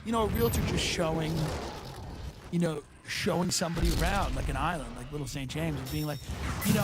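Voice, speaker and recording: A man's voice: a little high, brisk, heavy background noise. A man hosting a comedic chat, riffing in a rambling, profane way.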